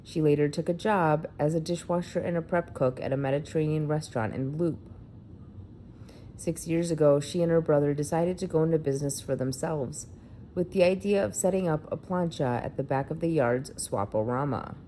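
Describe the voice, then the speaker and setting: A woman with a notably low, warm and mellow voice reads a feature story aloud. Her delivery is plain, steady narration. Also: moderate pace, slight background noise. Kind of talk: reading a feature article aloud.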